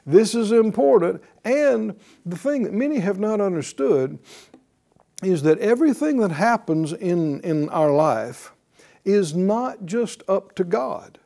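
Male pastor, middle-aged, sermon, slow deliberate delivery, warm mellow tone, rhetorical questions. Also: sits high, animated, gravelly. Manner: emphatic preaching with rhetorical questions.

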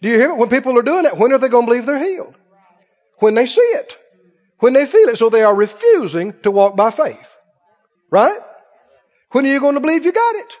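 A man preaching a sermon, telling a story from his own life in an animated way and laughing as he tells it. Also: extremely high pitch, fairly quick, pauses often. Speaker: pastor. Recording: dull sound with long hall reverb.

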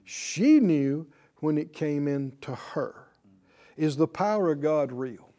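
A man's voice: on the high side, expressive, slow pace, warm tone. A man teaching a Bible class in a call-and-response style. He stresses and repeats key words and has the class repeat lines back to him.

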